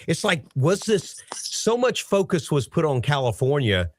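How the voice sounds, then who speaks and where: A man's voice: fairly high pitch, big pitch swings, unhurried, no echo, clean studio sound. A man hosting a talk show, putting conversational questions to his guests. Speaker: host.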